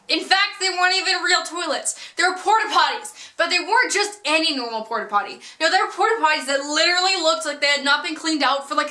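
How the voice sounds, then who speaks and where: Young woman, vlogger, storytime, animated, self-mocking, sharp bright voice, roomy echo. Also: sits high. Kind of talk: storytime vlog.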